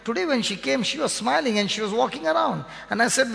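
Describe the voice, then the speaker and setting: A man with an Indian English accent preaches in a high, gravelly voice. He drives each point home by repeating it and quizzing the congregation. The sound carries a long echo from the hall. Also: animated, quick pace, few pauses, sharp tone. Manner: repetitive, emphatic teaching with call-and-response questions. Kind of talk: sermon. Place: church hall. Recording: reverberant hall.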